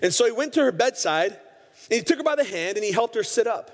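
Talking fast and animatedly in a high voice, a pastor recounts scripture stories in his sermon and acts out the quotes. Faint music plays behind him, and a long hall reverb lingers.

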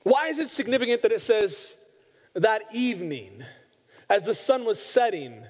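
A very animated pastor with a high voice preaches at a moderate pace, narrating scripture stories and giving voice to the quoted lines. Long hall reverb fills the recording.

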